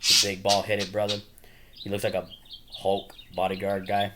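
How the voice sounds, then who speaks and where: A man casually chatting to camera about his movie collection, excitedly rambling through favorite scenes. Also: on the low side, normal speed. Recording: noisy home recording with birds chirping behind.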